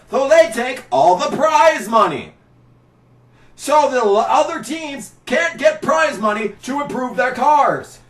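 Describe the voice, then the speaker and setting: A man with a very high voice rants sarcastically, his exasperation spilling into shouts. He sits back from the microphone in an echoey room, so his voice sounds distant and roomy. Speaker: racing commentary vlogger. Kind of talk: ranting commentary. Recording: roomy, set back from the mic.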